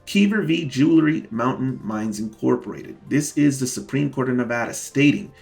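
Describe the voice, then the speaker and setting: Gravelly-voiced man, indignant legal vlogger. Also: medium pitch, moderate pace, darkish tone, soft background music. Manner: indignant, emphatic, repeats key words for stress; talks straight to viewers as "guys". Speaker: self-represented litigant and channel host. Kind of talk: casual explanatory vlog walking through legal filings.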